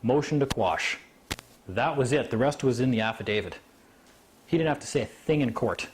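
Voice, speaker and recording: A man tells a story to a live audience with animated energy, acting out the voices of the people in it. His voice sits in the mid-range and moves along fairly quickly.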